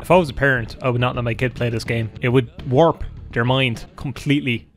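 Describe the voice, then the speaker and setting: A man's voice: medium pitch, a little fast. A man in his twenties with an Irish accent, giving sarcastic, profane let's-play commentary over game music. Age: 20s. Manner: sarcastic, profane, deadpan jokes. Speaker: gaming YouTuber.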